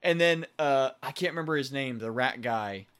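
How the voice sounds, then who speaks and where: A man's voice: medium pitch, normal speed, fairly bright tone, smooth. A man co-hosting a podcast, recapping a TV episode in rambling, laughing casual chat and acting out bits of dialogue. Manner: rambling, laughs often, acts out lines.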